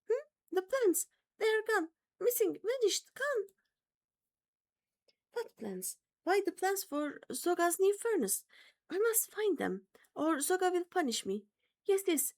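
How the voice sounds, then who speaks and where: A woman's voice: very high-pitched, sing-song, a little slow, a little mellow, exaggerated voice. A woman voicing a timid, fretful female kobold alchemist who strings synonyms together. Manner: repeats herself in lists of synonyms.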